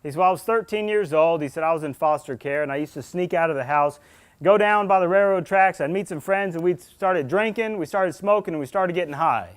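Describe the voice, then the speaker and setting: A man with a fairly high voice gives a public talk to a community audience. He tells stories earnestly, speaks straight to the listeners, and voices the people he met as he recounts them. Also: a little fast. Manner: earnest storyteller, acts out dialogue, speaks to the crowd directly. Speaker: state police officer giving a community talk.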